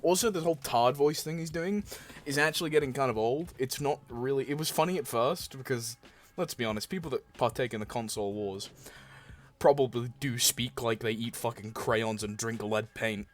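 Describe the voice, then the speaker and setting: A man's voice: medium pitch, moderate pace. A young man hosting a reaction video, blunt and sarcastic, swearing often. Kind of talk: reaction commentary.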